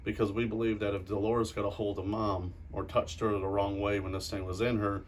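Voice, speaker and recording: A man's voice: lowish voice, flat delivery, fairly quick, a little hiss or hum. Blunt, earnest paranormal investigator man. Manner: blunt, earnest, repeats himself. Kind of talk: interview.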